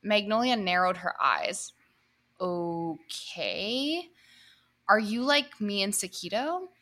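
Woman podcast host reading a racy story out loud, bright voice, middle pitch, keeps cracking up. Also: expressive, takes it slowly. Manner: reads with laughs and asides to co-hosts. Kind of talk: casual reading of an erotic comedy story.

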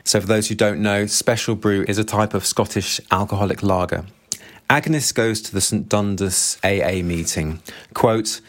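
A man reviewing a book, retelling the plot in a steady, plain way and reading quoted passages. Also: on the low side, moderate pace. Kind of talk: book summary with read-out quotes.

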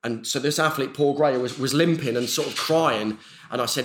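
A man, a former athlete, telling anecdotes in casual chat, animated and chatty. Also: medium pitch, normal speed, a little hiss or hum. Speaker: guest, former Olympic athlete.

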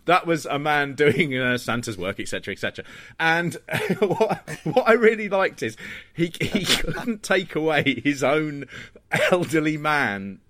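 Male co-host, animated and slightly high, mocking comic delivery. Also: measured pace, no room sound. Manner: laughing, mocking asides. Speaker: podcast co-host. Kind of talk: casual comic chat.

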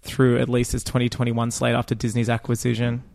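A man's voice: mid-range voice, monotone, gravelly, darkish tone. Joking man on a podcast. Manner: joking, swearing, quick to laugh. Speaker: podcast co-host. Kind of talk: casual chat.

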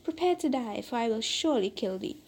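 A woman's voice: a little high, lively intonation, brisk, a little mellow, a little hiss or hum. A woman voicing a fierce, vengeful male genie who speaks in stern, archaic formal language in a storybook reading.

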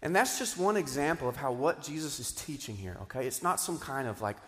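A man, a pastor, preaching a sermon in a lively, animated way, moving between loud, emphatic bursts and quiet asides. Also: mid-range voice, fairly quick, slight background noise. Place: church auditorium. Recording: long hall reverb.

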